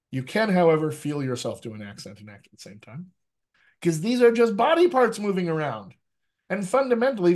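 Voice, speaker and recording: A male dialect coach leads an online workshop, talking in an animated, emphatic way and repeating phrases to drive his points home. His voice sits a little higher than most men's. He sounds like he's on a video call. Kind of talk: energetic workshop teaching.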